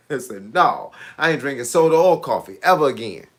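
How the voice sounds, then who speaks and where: A man's voice: mid-range voice, lively intonation, normal speed, fairly bright tone. A middle-aged man, a fitness coach chatting casually with viewers on a live stream, laid-back and laughing often. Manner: laid-back, repeats "hey, look" and "bro", laughs often.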